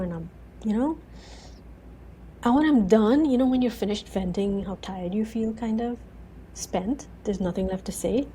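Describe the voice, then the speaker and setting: Mellow-voiced woman telling her story. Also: medium pitch, normal speed, slight background noise, poor audio. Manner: animated storytelling, many repeated "and"s, acts out her own words. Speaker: guest. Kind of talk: conversational interview.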